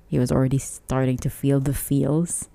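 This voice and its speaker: A woman's voice: a bass voice, flat delivery, normal speed, vocal fry, dark tone. A young woman co-hosting a casual chat, teasing her partner and laughing often. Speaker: podcast co-host, newlywed wife.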